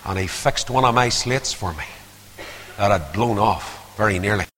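An older man preaching a sermon, swinging from hushed asides to loud, rising appeals. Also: fairly low pitch, animated, moderate pace, slight background noise. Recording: long hall reverb.

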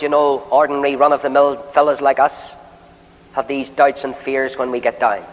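A man preaching a sermon in a meeting hall, swinging between loud, drawn-out declarations and soft, pleading questions aimed straight at the listeners. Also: medium pitch. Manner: addresses listeners directly with questions. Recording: long hall reverb.

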